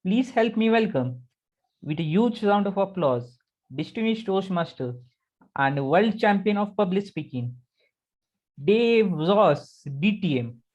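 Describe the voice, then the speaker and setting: A man's voice: sits high, lively intonation, slow, a little mellow. A man introducing a guest speaker in a formal, announcing way. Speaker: event host introducing the speaker. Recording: muffled lo-fi audio.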